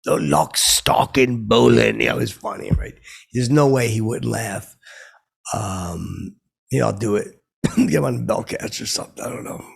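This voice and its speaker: This host's voice is mid-range, gravelly, and raspy, and he keeps a moderate pace on his own podcast. He wanders through boastful comic tales, using lots of fillers along the way.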